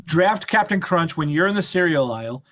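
A man's voice: a little high, lively intonation, moderate pace, fairly bright tone. A man hosting a sports podcast, chatting casually and rambling with jokes and laughter. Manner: rambling, jokey, breaks into laughter. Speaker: podcast host.

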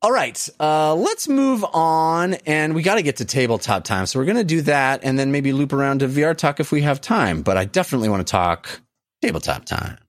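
A man's voice: on the high side, animated, a little fast, hardly any pauses. A man hosting a podcast in a casual, enthusiastic chat. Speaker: podcast host.

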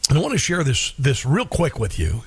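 A middle-aged man hosting a talk radio show, sharing a heartfelt personal story in a halting way, often restarting his sentences. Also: mid-range voice, huge pitch swings, husky.

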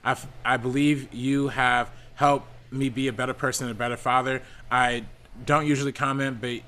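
Bright-voiced man reading viewer donations. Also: medium pitch, flat delivery, normal speed. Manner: reads messages with many ums, laughs easily. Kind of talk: casual live-stream panel chat.

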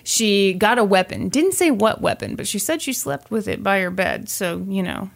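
A woman's voice: medium pitch, animated, normal speed, creaky. A woman co-hosting a podcast, telling a story in casual chat and laughing often. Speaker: podcast co-host.

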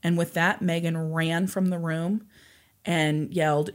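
Podcast co-host, woman, storytelling, rambling "and so", slightly low voice. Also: normal speed. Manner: retells the story at length with frequent "like" and "and so".

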